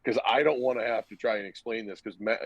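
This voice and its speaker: A man's voice: fairly low pitch, steady tone, fast, husky, dry recording. Profane young man telling a story. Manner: loose, profane, acts out quoted dialogue. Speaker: podcast guest. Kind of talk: casual storytelling. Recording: dull, lo-fi dry recording.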